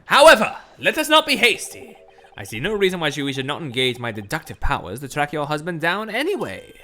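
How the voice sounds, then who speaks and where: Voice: medium pitch, sing-song, quick pace, a bit bright, a little hiss or hum. A streamer voicing a pompous, eccentric male Victorian detective in a theatrical, grandiose way, reading game dialogue aloud. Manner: theatrical, grandiose and self-satisfied.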